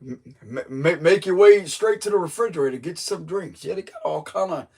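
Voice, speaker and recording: Joking man with a higher voice. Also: fairly quick, gravelly, a little mellow, a little hiss or hum. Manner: playful, joking, slangy and loose. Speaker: tarot reader. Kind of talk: casual storytelling chat.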